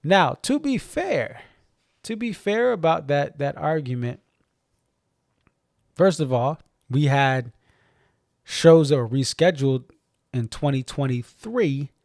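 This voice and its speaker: A man's voice: fairly high pitch, expressive, slow, vocal fry, pauses often, darkish tone, dry recording, studio quality. A man with a faint Boston accent, rambling and correcting himself as he hosts a casual live-stream chat. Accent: slight Boston. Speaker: stream host.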